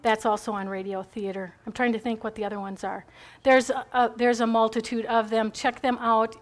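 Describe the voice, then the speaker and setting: A woman's voice: a little high, little pitch movement, brisk. A middle-aged woman giving a chatty, rambling faith talk to a group, encouraging and full of asides.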